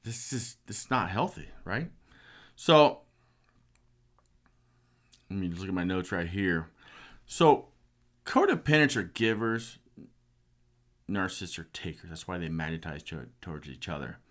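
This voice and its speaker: A man's voice: low-pitched, very animated, measured pace, long pauses, a bit bright. A middle-aged man giving an earnest, passionate personal testimony. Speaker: speaker sharing a personal story.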